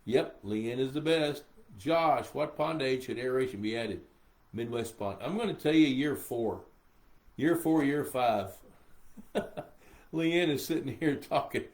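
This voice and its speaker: A man's voice: medium pitch, a little slow. An older man hosting a live pond management Q&A, rambling and a bit sleepy as he reads viewers' questions aloud. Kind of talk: casual live-stream Q&A.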